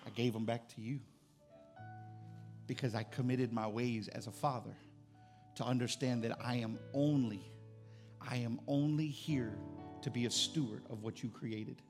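A middle-aged man, a pastor preaching a sermon to his church, building to loud, emphatic repeated phrases. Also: medium pitch, gravelly. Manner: rising to loud emphatic repetition. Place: church service.

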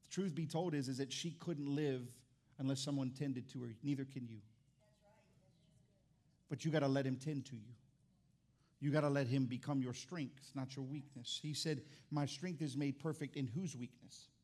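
A middle-aged man preaching a sermon as pastor, animated and comic, swinging between loud bursts and quiet asides while telling a story. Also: mid-range voice, moderate pace.

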